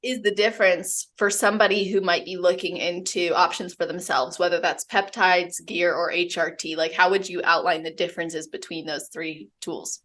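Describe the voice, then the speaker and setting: A woman's voice: on the low side, fairly even intonation, moderate pace, few pauses, fairly bright tone. A woman hosting an interview, asking long, curious questions in an encouraging, conversational way. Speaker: podcast host, interviewer.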